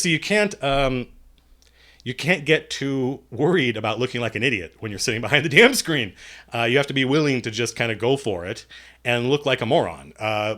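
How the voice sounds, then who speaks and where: A man's voice: medium pitch, fairly bright tone. A man hosting a live-stream Q&A, reading viewers' questions aloud and answering them in a loose, self-deprecating, jokey way. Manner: rambling, reads chat questions aloud and answers offhand. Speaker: streamer and game master answering chat questions.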